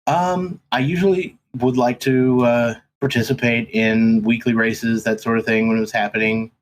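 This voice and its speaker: A man's voice: mid-range voice, fairly even intonation, normal speed, a little hiss or hum, poor audio. A man guesting on a podcast, telling stories in casual chat with lots of ums and restarts. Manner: rambling, many ums and restarts. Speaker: podcast guest, race commentator.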